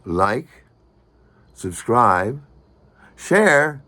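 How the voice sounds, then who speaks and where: Male storyteller, bright tone, very lively pitch, plays every part himself with big vocal jumps. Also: drawn-out words. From Michigan. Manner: acts out other people's lines with big pitch jumps and shouts. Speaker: host telling a personal story. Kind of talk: animated storytelling monologue.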